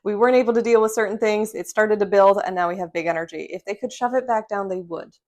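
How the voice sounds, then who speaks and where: A woman's voice: medium pitch, fast talker, a little mellow. A woman, a respiratory therapist, talking frankly and reassuringly to her phone camera at home, often checking in with "okay?" and "right?". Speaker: respiratory therapist sharing breathing tips. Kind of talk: casual direct-to-camera vlog. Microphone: phone camera under ring light.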